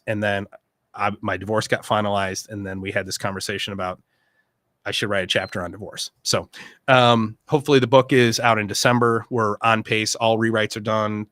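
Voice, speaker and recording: A man's voice: fairly low pitch, level tone, brisk, pushed and bright, dry recording, clean studio sound. A middle-aged man hosting a casual livestream, talking in an earnest, rambling way full of asides. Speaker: host.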